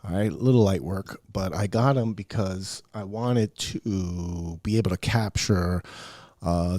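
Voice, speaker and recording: Man, podcast host, rambling profane rant, low voice, dry close sound. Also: mellow, dry recording. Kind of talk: casual solo podcast monologue.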